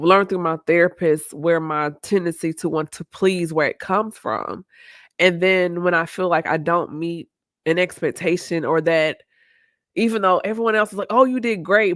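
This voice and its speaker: A woman's voice: lowish voice, no room sound, studio quality. A woman hosting a live online talk, speaking openly and reflectively and laughing easily. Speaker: host. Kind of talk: candid live-stream conversation.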